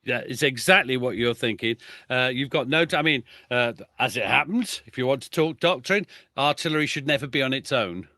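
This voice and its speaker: A man from Chesterfield, England, a military historian telling wartime stories in an animated, conversational way. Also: mid-range voice, brisk, no room sound, clean studio sound. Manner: lively, reads veterans' accounts aloud with emphasis.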